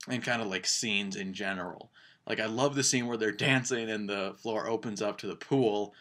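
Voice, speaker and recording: A man's voice: lowish voice, fairly bright tone. A young man casually reviewing a movie on his channel, rambling and enthusiastic with lots of fillers and restarts. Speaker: film reviewer.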